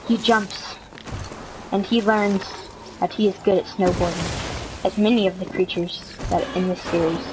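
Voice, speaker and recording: A woman narrating a mock nature documentary with deadpan, absurd humor. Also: medium pitch, measured pace, background noise. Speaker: video creator.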